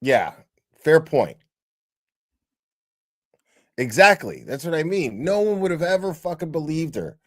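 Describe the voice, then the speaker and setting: A man's voice: fairly high pitch, big pitch swings, measured pace, long pauses, no room sound, clean studio sound. A man hosting a casual reaction show, talking bluntly with lots of swearing and filler words. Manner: blunt, swears a lot, rambling with many fillers. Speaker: commentary host. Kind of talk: casual profane reaction commentary.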